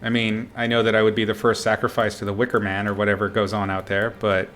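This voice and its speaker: A man's voice: fairly low pitch, flat delivery, fast talker, a bit bright. A middle-aged man chatting casually and laughing at himself while he paints on a live stream. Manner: chatty, self-mocking, laughs often. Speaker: artist streaming a painting session.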